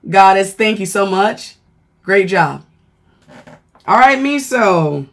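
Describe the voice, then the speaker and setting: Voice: mid-range voice, lively intonation, takes it slowly, a bit bright. A live stream host running a contest, easygoing, checking in with "all right" and "okay".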